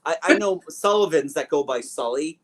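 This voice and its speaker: A male movie podcast co-host with a voice on the high side and lively intonation speaks at a moderate pace in casual chat. He rambles and jokes, trailing off into long asides.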